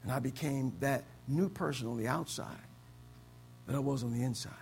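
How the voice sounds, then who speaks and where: A man from the States preaching a sermon as pastor, swinging between loud exclamations and low, quiet stretches. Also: normal speed, gravelly, a little hiss or hum. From United States.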